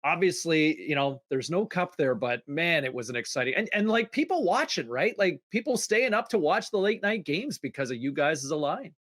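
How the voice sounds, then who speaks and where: A man's voice: on the high side, sing-song, normal speed, few pauses, fairly bright tone. A man co-hosting a podcast, asking rambling, hesitant questions in casual chat. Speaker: podcast co-host.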